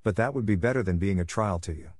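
A man's voice: fairly low pitch, fast talker, darkish tone, no room sound, clean studio sound, natural voice. A man voicing an anxious, talkative orphan girl who loves grand words, in a storybook reading. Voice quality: earnest, fond of long words.

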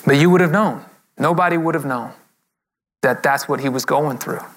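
A man's voice: fairly high pitch, moderate pace, fairly bright tone. A man preaching a sermon, telling a story and acting out the quoted voices of the people in it. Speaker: pastor.

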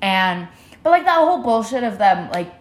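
A woman's voice: mid-range voice, sing-song, moderate pace. A woman co-hosting a casual chat who rants with a lot of swearing, rambles, and acts out other people's lines. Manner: profane, rambling ranting. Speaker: co-host.

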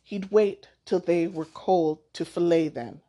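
A woman narrating a children's story aloud in a calm, deliberate way. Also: on the low side.

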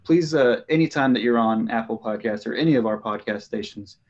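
A man co-hosting a casual podcast, speaking in a measured, reflective way and thinking aloud. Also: mid-range voice, highs cut off. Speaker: podcast co-host.

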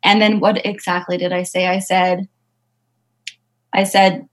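A woman's voice: on the low side, little pitch movement, unhurried, rough recording. Chatty self-deprecating woman comedian. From Southern California. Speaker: stand-up comedian guest. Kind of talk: casual interview answers.

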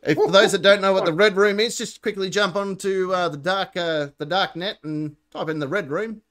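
A man's voice: sits high, normal speed, fairly bright tone. A man hosting a casual live comedy show, laughing often and handing out points. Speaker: host.

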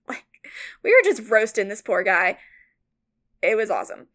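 A woman co-hosting a podcast, casually retelling a story with lots of "like" fillers, rambling and animated. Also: mid-range voice, normal speed, long pauses. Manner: animated, mock-outraged retelling. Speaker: podcast co-host.

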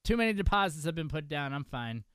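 A man's voice: fairly high pitch, big pitch swings, quick pace, fairly bright tone, smooth. A man from upstate New York with a New York accent, hosting a casual wrestling podcast, joking and laughing often. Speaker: podcast host.

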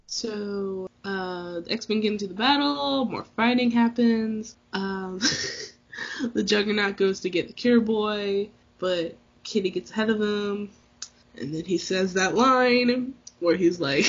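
Brief: husky-voiced woman, casual podcast co-host, laughing recap, muffled lo-fi audio. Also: mid-range voice, slow. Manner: laughs a lot, slangy retelling. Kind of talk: casual movie recap chat. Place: hot indoor room with fan. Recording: muffled lo-fi sound.

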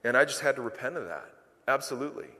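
A middle-aged male pastor preaches a sermon at a quick pace and medium pitch, animatedly telling self-deprecating stories and acting out the quotes. A long hall reverb hangs over the recording.

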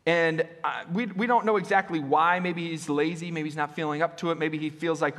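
A man preaching a conversational sermon as pastor, often checking in with the congregation with a quick "right?" and restarting his phrases. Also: fairly high pitch, fairly even intonation, a bit bright. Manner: casual, with frequent "right?" tag questions and restarts. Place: church sanctuary. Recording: long reverb of a church hall.

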